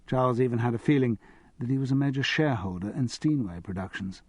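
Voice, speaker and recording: A man narrating an audiobook in a wry, expressive manner. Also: mid-range voice, fast talker, husky, dry recording.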